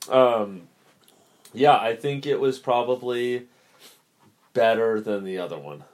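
A man's voice: mid-range voice, takes it slowly. A man co-hosting a casual podcast, laid-back and slangy. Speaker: podcast co-host. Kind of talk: casual chat.

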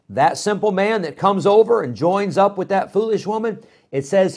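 A middle-aged man preaching a sermon in a folksy, animated way, with frequent fillers and restarts. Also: sits high, moderate pace, few pauses, husky.

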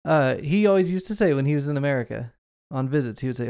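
A man's voice: mid-range voice, animated, fast, few pauses, darkish tone, smooth, dry recording, clean studio sound. A man co-hosting a podcast, talking through a movie in a rambling, casual way with lots of asides. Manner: chatty, rambling with fillers and asides. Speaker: podcast co-host.

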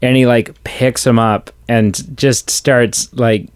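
A man's voice: medium pitch, fairly even intonation, takes it slowly, smooth, no room sound, clean studio sound. A man co-hosting a podcast in casual movie chat, gushing with enthusiasm and acting out favorite lines. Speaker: podcast co-host.

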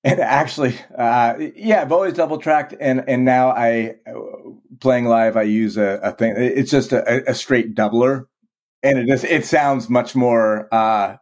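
A band's vocalist from Vermont guests on a casual podcast interview, his mid-range, darkish voice unhurried. He swears freely and often repeats words as he restarts his sentences.

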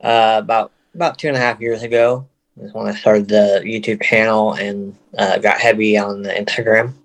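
Male podcast guest, low monotone delivery, plain talk, lots of ums. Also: normal speed, gravelly, poor audio. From Oregon. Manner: plain, hesitant, lots of fillers. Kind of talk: casual podcast chat.

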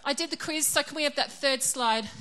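A woman's voice: high-pitched, a little fast, pushed and bright. A middle-aged woman giving a casual, chatty sermon. She is self-deprecating and laughs often. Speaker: preacher.

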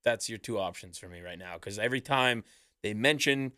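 A man's voice: on the low side, brisk, sharp tone, clear, resonant tone, no echo, clean studio sound. A man co-hosting a podcast who gives blunt opinions in casual chat. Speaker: podcast co-host.

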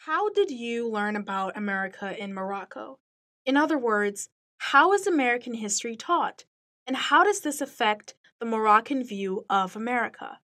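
A woman interviewer asking measured follow-up questions. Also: a little high, expressive, fairly bright tone.

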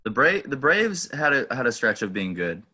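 A man's voice: mid-range voice, sing-song, normal speed, sharp tone. A young man co-hosting a sports podcast, giving his picks in a casual, hesitant way with many restarts. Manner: hesitant, restarts, offhand opinions. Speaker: podcast co-host.

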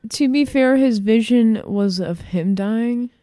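A woman chatting casually as a podcast co-host, retelling things in an animated way with lots of fillers. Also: on the high side, slow pace, no echo, clean studio sound. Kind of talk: casual chat.

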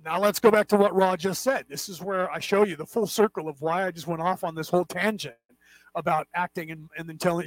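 High-voiced man rambling through a lecture. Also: no room sound, poor audio. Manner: digressive, keeps checking in with "right?" and "okay?"; restarts and repeats words often. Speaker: class host.

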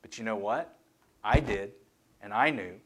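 A man's voice: lowish voice, a little slow, a bit bright. A middle-aged man preaching a sermon in a candid, self-deprecating, conversational way, talking to the congregation like friends. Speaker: pastor.

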